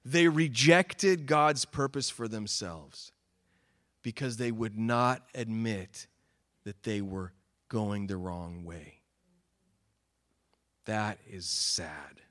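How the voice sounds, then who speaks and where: A man preaching a sermon, earnest, swinging from emphatic calls to quiet, sober remarks. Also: lowish voice, slow pace, pauses often. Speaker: pastor.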